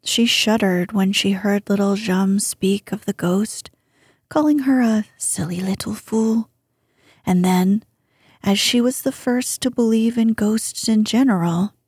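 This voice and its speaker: A woman narrating a bedtime sleep story in a soothing, hushed voice that often drops to a whisper, close to the mic. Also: medium pitch, breathy edge, dry recording.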